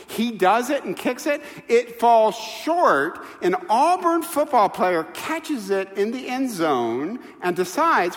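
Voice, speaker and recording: Animated preacher in a reverberant hall. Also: male voice, high-pitched, takes it slowly. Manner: animated, emphatic storytelling with rhetorical questions. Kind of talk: sermon.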